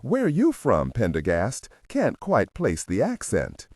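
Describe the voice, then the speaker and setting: A man voicing a hearty, nosy small-town store owner, with a husky voice that jumps up in pitch. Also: wildly swooping pitch, takes it slowly, darkish tone, no echo, studio quality, full character voice.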